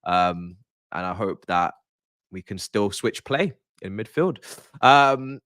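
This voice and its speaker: A man, hosting a live-stream pre-match chat as a football fan, in animated, exasperated, joking banter. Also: fairly low pitch, takes it slowly, no room sound, clean studio sound.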